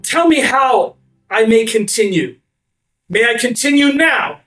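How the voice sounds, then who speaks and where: A man's voice: on the high side, a little slow, soft background music, lightly acted. A man voicing a cruel, scheming noble lord who speaks in a pompous, theatrical way. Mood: menacing.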